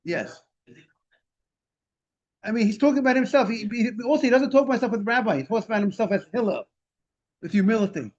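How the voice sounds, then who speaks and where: Man, high-pitched, runs a Talmud class, animated explainer, lo-fi call audio. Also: a little fast, pauses often. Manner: animated explaining, translating Hebrew and Aramaic phrases. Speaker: rabbi teaching Talmud. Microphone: video call. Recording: dull lo-fi video call audio.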